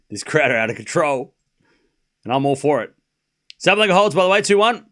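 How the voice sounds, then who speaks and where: Lively, animated man calling tennis scores. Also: fairly high pitch, moderate pace. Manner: casual, swears freely, laughs often; calls scores between chatty asides. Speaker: stream host. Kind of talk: live sports watchalong commentary.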